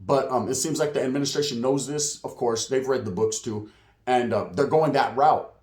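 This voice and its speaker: A man hosting a casual street news monologue, slangy and streetwise, with a slightly hoarse voice. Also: mid-range voice, moderate pace, darkish tone. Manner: streetwise, slang-heavy, acts out quotes in put-on voices. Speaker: channel host, street news commentator. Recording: roomy echo.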